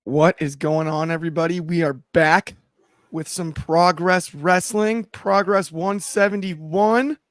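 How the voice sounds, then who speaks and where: A man's voice: on the high side, steady tone, unhurried, dry recording. A man hosting a casual wrestling watchalong, upbeat and chatty, laughing easily. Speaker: host.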